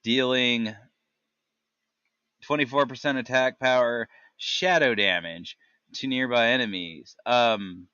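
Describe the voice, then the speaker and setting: A man with a bright, forceful voice reads game ability text aloud in a relaxed chat, pausing to puzzle over names and think out loud. The sound is dry and close, though a little dull and lo-fi. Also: medium pitch, clean tone, no echo. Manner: reads tooltips haltingly, stumbles on names. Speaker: gaming podcast host. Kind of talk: casual chat reading game talents aloud.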